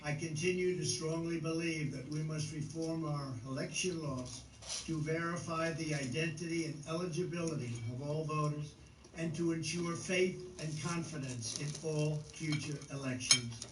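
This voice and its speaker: A man delivering a formal scripted address as president, measured and deliberate. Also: a little high, steady tone, recorded from a distance, background noise. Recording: clip played back in echoey room.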